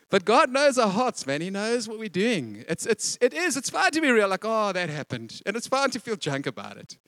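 A pastor preaches in a casual, conversational way, acting out little voiced asides. His voice sits high and swings widely in pitch. The sound is dry and close, with no room echo. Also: sing-song, moderate pace, fairly bright tone. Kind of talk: sermon.

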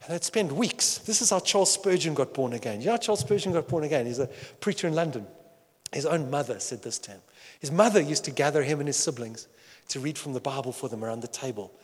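A man preaching a sermon with passion, swinging between loud outcries and hushed asides. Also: on the high side, animated, fast talker, long reverb tail. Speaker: pastor.

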